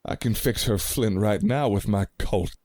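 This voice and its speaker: A man's voice: fairly low pitch, a little slow, darkish tone, dry recording, natural voice. An actor playing a bold, plainspoken frontiersman in a radio play. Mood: brash. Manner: brash, plainspoken. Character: brash frontiersman with a revolver, bold.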